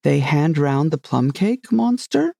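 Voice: mid-range voice, very animated, slow, creaky, dark tone, no echo, clean studio sound, full character voice. A narrator doing a sleepy, growling lion. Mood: weary. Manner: lazy, yawning, growling. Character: sleepy weary male lion.

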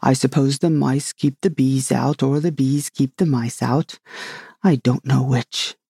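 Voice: medium pitch, steady tone, measured pace, creaky, warm tone, breathy edge, dry recording, studio quality. A storybook reader voicing a grave, muddled old knight who rambles proudly about his own inventions. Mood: earnest. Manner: grave, rambling, self-satisfied.

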